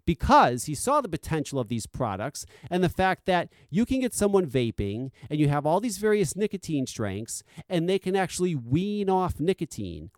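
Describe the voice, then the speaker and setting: Man ranting, profane and heated, high lively pitch, dry close sound. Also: no room sound. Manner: heated, profane, animated rant. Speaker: vape channel host. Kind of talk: ranting commentary.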